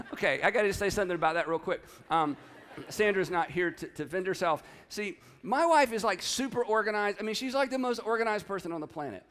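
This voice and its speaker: A middle-aged man preaching a sermon as pastor, telling a story in an animated way and acting out quoted lines. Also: quick pace, in a large hall, a little hiss or hum. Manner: animated storytelling, acts out quotes with rising pitch. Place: church sanctuary.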